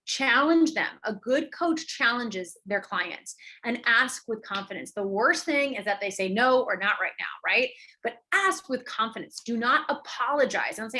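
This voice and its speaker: A woman online business coach giving a live training, emphatic and energetic, often tagging her points with quick questions. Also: fairly high pitch.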